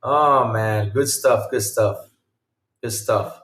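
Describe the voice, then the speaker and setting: A man's voice: medium pitch, slow pace, a bit bright, reverberant. A man hosting a gaming podcast, chatting casually and reacting to live chat, laughing often and repeating himself.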